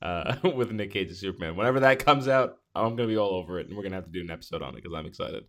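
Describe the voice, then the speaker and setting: A man's voice: sits low, rapid-fire. A man hosting a podcast in casual chat, enthusiastic, laughing often and restarting his sentences. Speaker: podcast host.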